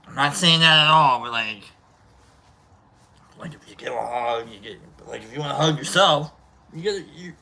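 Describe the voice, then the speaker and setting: A man's voice: fairly high pitch, pushed and bright. A man hosting a livestream, rambling and joking through a casual sign-off, swearing now and then. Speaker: livestream host.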